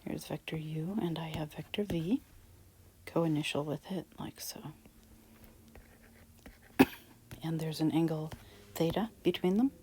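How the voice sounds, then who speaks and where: A woman teaching a math lesson, talking softly and half-whispered with a breathy voice while she writes. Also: sits low, a little slow, long pauses, low-quality recording. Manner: soft, half-whispered explaining while writing. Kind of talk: recorded math lecture.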